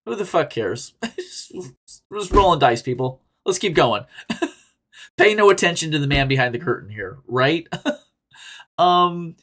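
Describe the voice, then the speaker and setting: A man's voice: fairly high pitch, unhurried, pauses often. A man hosting a casual podcast, reading listener posts and giving candid, rambling advice with plenty of swearing and laughter. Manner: animated, jumps between loud bursts and quiet asides. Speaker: podcast host reading and answering reader stories.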